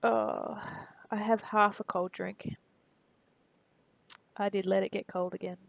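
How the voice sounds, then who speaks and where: A woman streaming live while 3D modeling, muttering quietly to herself, reading tool tips aloud and chatting loosely with viewers. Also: medium pitch, flat delivery, slow, creaky, no echo, rough recording. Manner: chats loosely with viewers in between.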